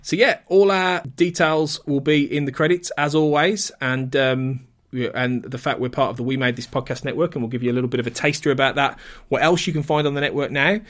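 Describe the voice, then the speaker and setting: A man's voice: medium pitch, fairly even intonation, fairly quick. A man co-hosting a podcast, talking in a chatty, enthusiastic way with frequent restarts. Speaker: podcast co-host. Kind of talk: casual podcast chat.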